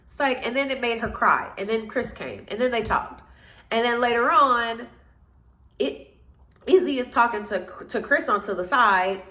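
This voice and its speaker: A woman's voice: fairly high pitch, normal speed. Sassy woman recapping reality TV, roomy echo. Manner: blunt, sassy and animated, calling people out. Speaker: reality TV reviewer. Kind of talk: opinionated recap commentary.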